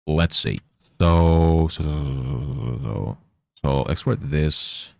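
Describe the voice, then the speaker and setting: Very deep, gravelly-voiced man streaming. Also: takes it slowly, a little mellow, no echo. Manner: mutters to himself while working, mock-scolds his pet. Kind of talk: casual live-stream chatter.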